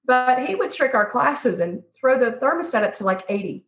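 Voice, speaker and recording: A woman in a podcast interview telling lively stories from her career as a pastry chef, slipping into the voices of the people she quotes. Her voice sits a little high. The recording has a roomy echo. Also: normal speed. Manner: lively storyteller who acts out quoted people.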